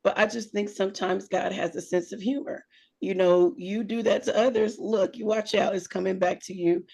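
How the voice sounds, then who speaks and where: Female co-host, animated storyteller, slight vocal fry, casual delivery. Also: medium pitch, normal speed. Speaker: podcast co-host.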